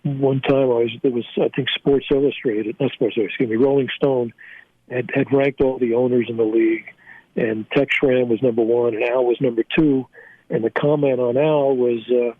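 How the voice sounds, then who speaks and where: A man's voice: medium pitch, fairly even intonation, no echo. Older male guest, rambling anecdotal delivery full of restarts, heard over a thin phone line. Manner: halting, many fillers and restarts, laughs at own stories. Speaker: guest, former team scout. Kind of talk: storytelling in a casual interview. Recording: tinny phone line, dry.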